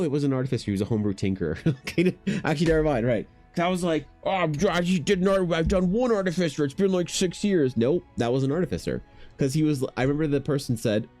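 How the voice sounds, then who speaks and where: A man with a low, mellow voice rambling through a casual livestream chat. He jokes about himself and riffs with his viewers as he works. Faint music plays behind him. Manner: rambling, self-deprecating, joking with chat. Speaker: artist streaming commissions.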